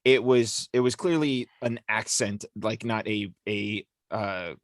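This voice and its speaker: A man's voice: fairly low pitch, slow pace, no echo, studio quality. A man co-hosting a casual discussion podcast, explaining at length with lots of fillers. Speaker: podcast co-host.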